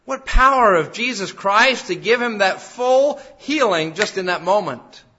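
A man's voice: high-pitched, expressive, measured pace, pushed and bright, slightly rough. A man preaching a sermon in an earnest way that rises to emphatic peaks. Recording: dull lo-fi sound.

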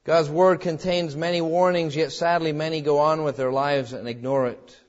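A man preaching a sermon in an emphatic way, swinging between loud exhortations and quiet, low passages. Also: fairly even intonation, normal speed, lo-fi sound. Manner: emphatic preaching with wide swings in pitch and loudness.

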